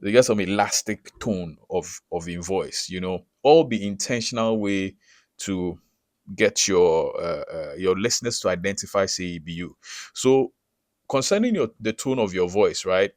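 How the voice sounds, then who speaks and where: Guy, deep-ish voice, dry close sound, keeps asking if you get it. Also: animated, normal speed, a little mellow, dry recording. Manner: checks in often with rhetorical questions. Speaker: recording artist teaching branding. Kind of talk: casual explainer to camera.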